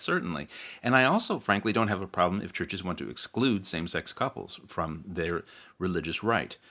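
A man's voice: low-pitched, fairly bright tone. A man hosting his own podcast, chatting casually and reading listener comments, digressive and self-deprecating with frequent ums. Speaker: podcast host.

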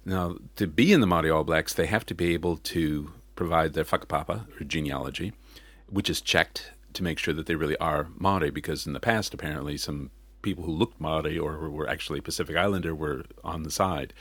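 A man's voice: a bass voice, fairly quick, a bit bright, husky, no room sound. A man with a mixed accent talking through a casual, rambling monologue, often correcting himself and chuckling. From not New Zealand.

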